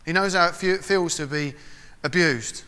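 A man's voice: fairly high pitch, normal speed, sharp tone, clear, resonant tone, big-room sound. A man preaching an informal sermon, talking conversationally and acting out short voices and prayers.

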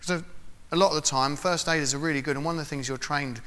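A man gives a casual, conversational sermon in a fairly high, bright voice. He slips into little voices and spoken prayers as he goes. A long hall echo trails his words. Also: steady tone, fast. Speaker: preacher. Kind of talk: informal sermon.

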